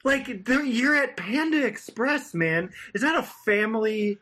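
A man hosting a casual comedy podcast, telling animated stories and swearing freely. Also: very high-pitched, a little slow. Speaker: podcast host.

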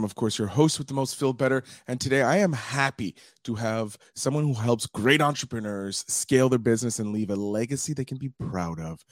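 A man's voice: fairly low pitch, no echo, studio quality. A man hosting a podcast, opening with a showy announcer-style welcome and then chatting casually with his guest. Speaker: podcast host. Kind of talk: podcast interview.

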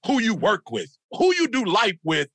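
A man's voice: high-pitched, wildly swooping pitch, normal speed, vocal fry, fairly bright tone, dry recording. A middle-aged man, a motivational speaker on a podcast, telling stories in an emphatic, preacher-like way, repeating phrases for punch. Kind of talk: animated storytelling in a podcast interview.

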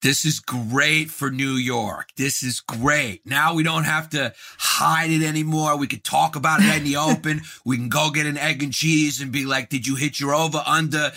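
Guy cohosting a chat, bright forceful voice, pitched a bit high, cracking jokes. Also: steady tone, normal speed, hardly any pauses. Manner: joking, self-deprecating banter. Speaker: co-host. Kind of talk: casual chat.

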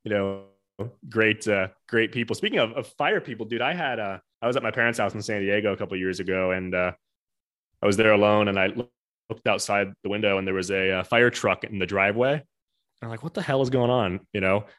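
A man's voice: fairly low pitch, a little fast, fairly bright tone, dry recording. Rambling man in casual chat. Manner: rambling, many restarts and "you know"s. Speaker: podcast guest.

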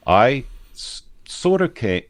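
A man with a standard American accent, explaining his views in a casual discussion in a measured way. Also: medium pitch, very animated, no echo. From United States. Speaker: commentator.

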